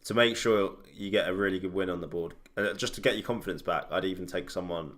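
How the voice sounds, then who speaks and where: A young man with a lowish, bright voice talks casually with blunt opinions. He swears freely and keeps the chat animated. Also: fast. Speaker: podcast co-host.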